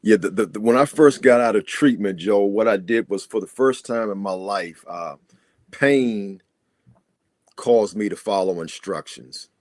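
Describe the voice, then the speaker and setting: An older man speaks as an interview guest, telling his recovery story earnestly and reflectively. His voice is fairly low, and the sound is close and dry, with no room echo. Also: measured pace, darkish tone.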